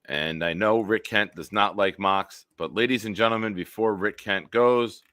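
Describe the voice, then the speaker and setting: A man's voice: on the low side, normal speed, pushed and bright, no echo, studio quality. A man hosting a casual sports talk livestream, joking and rambling and hyping up his chat. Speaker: host.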